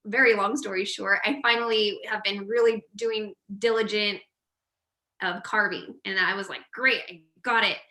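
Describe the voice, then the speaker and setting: A podcast host tells a story in a casual, animated way, laughing often. Her voice is mid-range at a normal speed, and the recording has a roomy echo.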